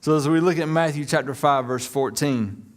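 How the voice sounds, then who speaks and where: A man's voice: fairly high pitch, moderate pace. A man, preaching a sermon in a conversational, joking way and addressing the congregation as y'all. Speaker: pastor.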